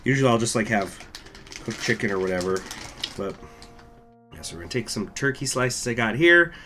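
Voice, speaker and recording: A man's voice: lowish voice, expressive, a little fast, bright, forceful tone, soft background music. A man hosting a gaming channel, chatting casually and rambling to his viewers in an offhand, profane way. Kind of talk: casual chat to live viewers.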